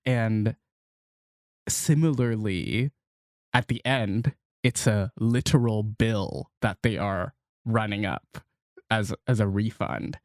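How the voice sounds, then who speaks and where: A man's voice: fairly low pitch, takes it slowly, no room sound, clean studio sound. A man co-hosting a podcast, talking earnestly and enthusiastically about a film he loves, often stumbling over repeated words. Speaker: podcast co-host. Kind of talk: casual film discussion.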